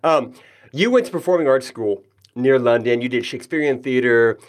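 A man's voice: mid-range voice, normal speed. A man hosting a podcast interview, friendly and jokey, with self-deprecating asides. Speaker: podcast host. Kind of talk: casual interview chat.

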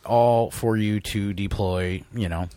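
Sick-sounding deep-voiced man, swearing storyteller. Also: takes it slowly, no echo. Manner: swears a lot, animated storyteller. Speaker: podcast co-host. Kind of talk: casual chat.

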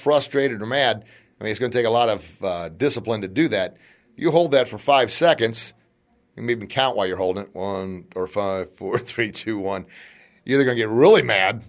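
Man, middle-aged, podcast host, motivational talk, animated and chatty, mid-pitched voice. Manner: animated, chatty, laughs between points.

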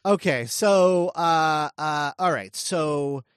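A male podcast host with a voice a touch higher than most men's, talking casually, hesitating with lots of fillers and laughing often. The recording is close and dry, with no room sound. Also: slow pace, clean tone, no echo.

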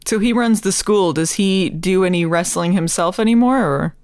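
A woman's voice: lowish voice, normal speed, a little mellow, dry recording, clean studio sound. A woman guest in a casual podcast chat, curious and asking short follow-up questions.

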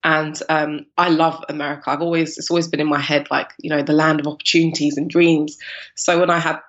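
A woman from East London in her thirties with a London accent, telling her story as a podcast guest in an animated, laughing way. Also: low-pitched, a little fast, dull audio. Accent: London English. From East London, England. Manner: animated, laughing, acts out her past self in quotes. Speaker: guest, cupcake business founder.

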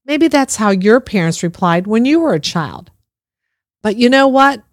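A woman's voice: on the high side, animated, a little slow, no echo, studio quality. Earnest middle-aged woman giving parenting advice. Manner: earnest, reassuring, addresses listeners directly. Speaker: parenting speaker. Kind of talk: instructive parenting talk.

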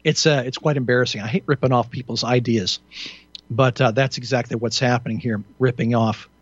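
A man's voice: medium pitch, fairly even intonation, fairly quick, lo-fi sound. A man hosting a talk radio show alone, rambling through indignant, sarcastic commentary with frequent restarts and fillers.

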